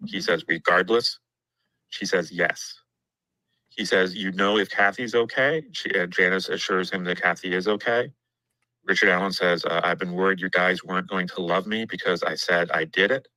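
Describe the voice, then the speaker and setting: Male guest, low voice, crisp forward tone; matter-of-fact note reader. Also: moderate pace, sharp tone, no echo, poor audio. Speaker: guest reading courtroom notes. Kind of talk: livestream discussion, reading notes aloud.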